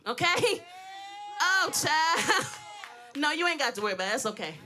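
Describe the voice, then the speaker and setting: Brash stand-up woman, out of breath, laughing through her lines, high and bright, AAVE. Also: sing-song, normal speed, faint music behind. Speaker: stand-up comedian. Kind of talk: stand-up comedy set. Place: stage in front of an audience.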